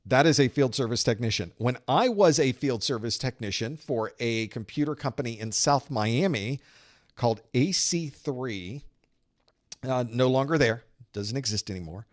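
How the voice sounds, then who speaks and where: Guy running a live networking study session, chatty, goes "screw, screw" while explaining stuff, middle pitch. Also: expressive, moderate pace. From Southern United States. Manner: conversational, explains with analogies and playful sound-effect narration. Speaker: IT certification instructor hosting a live study group. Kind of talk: live-streamed study group Q&A.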